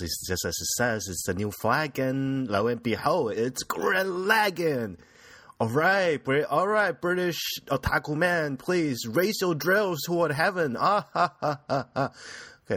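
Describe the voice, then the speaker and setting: A man's voice: on the low side, a bit bright, no echo. A young man hosting a casual solo podcast from a small apartment room, rambling and self-deprecating with lots of restarts. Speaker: podcast host.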